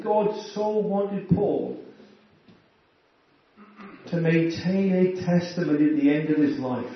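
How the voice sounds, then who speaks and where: A man preaching a sermon with earnest warmth, often addressing his listeners as friends. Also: sits high. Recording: echoey, distant and dull.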